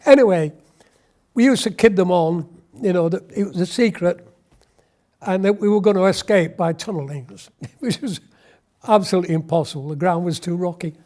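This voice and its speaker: A man's voice: high voice, normal speed, darkish tone. A man, telling a wry, anecdotal war story in an oral history interview. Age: 80s.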